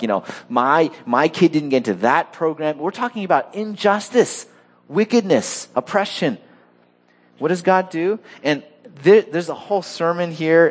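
A male pastor delivering a sermon to his congregation. His voice sits mid-range in pitch but moves a great deal, rising and falling as he talks. He slips into quoted voices and doubles back on words as he goes. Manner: animated, acts out quoted voices, repeats words.

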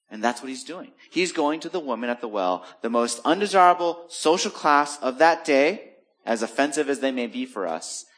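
A pastor giving a sermon in a conversational, storytelling manner, joking with the congregation and dropping to a soft, low voice for serious points. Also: male voice. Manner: conversational storytelling with jokes and acted asides.

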